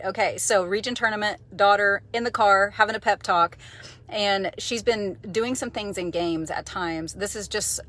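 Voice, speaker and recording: Husky-voiced woman chatting in a car. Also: mid-range voice, fairly bright tone. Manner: enthusiastic, conversational, many fillers and restarts. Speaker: vlogger, mindset coach. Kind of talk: casual talking-to-camera vlog. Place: parked car.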